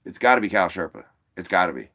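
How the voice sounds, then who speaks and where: On his casual livestream call-in show, a man chats straight to viewers in a rambling, profane way. He talks fast in a deep, sing-song voice with a sharp tone, and the high frequencies are cut off.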